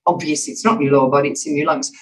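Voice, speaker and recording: Speaking rapid-fire in a low-pitched voice with fairly even intonation, a woman comes through on a low-quality recording. She's a communications expert in a podcast interview who explains with emphasis and acts out voice examples to demonstrate.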